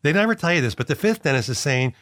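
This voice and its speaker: A man co-hosting a casual chat show, cracking deadpan jokes. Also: on the high side, fast, dry recording, studio quality. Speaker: podcast co-host.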